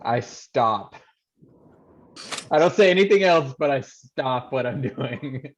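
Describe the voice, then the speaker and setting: A man speaking as a player in a tabletop game, deliberate and dry. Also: mid-range voice, expressive, dull audio.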